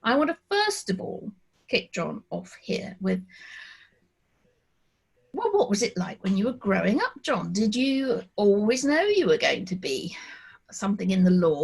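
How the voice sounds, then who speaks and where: A chatty middle-aged woman from Liverpool hosts a live interview over a video call. Her voice is lively and swoops about, with a gravelly edge and a husky, breathy tone. She talks in a warm, self-deprecating way. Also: mid-range voice, normal speed. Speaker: host.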